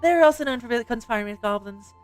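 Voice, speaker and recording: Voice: medium pitch, expressive, fast, soft background music, voice pushed up, natural voice. A streamer voicing a formal, gossipy clerk briefing an adventurer. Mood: informative.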